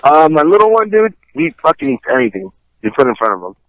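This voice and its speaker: High gravelly joking man. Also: sing-song, fast talker, a bit bright, no echo, rough recording. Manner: profane, joking, exaggerated. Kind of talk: casual chat.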